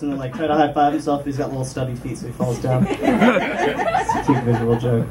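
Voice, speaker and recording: A young man performs stand-up in a small club, his fairly high voice wandering through self-mocking asides and filler words. He sounds set back from the mic, with steady room noise around him. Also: brisk, recorded from a distance. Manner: rambling self-deprecating jokes with frequent ums. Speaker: stand-up comedian.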